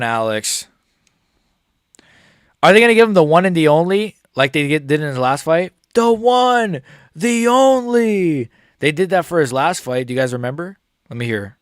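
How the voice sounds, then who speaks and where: A man's voice: mid-range voice, fairly bright tone, clear, resonant tone, no room sound, clean studio sound. A young man streaming a live fight reaction, talking casually to his viewers in a muttered, profane running commentary. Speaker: MMA streamer.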